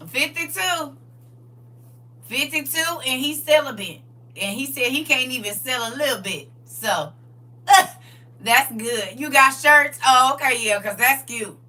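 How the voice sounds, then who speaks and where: Bright-voiced woman livestream host, lively. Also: high voice, measured pace, far from the mic. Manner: lively, preachy, laughs often, answers viewers directly. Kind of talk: casual livestream chat reading viewer comments.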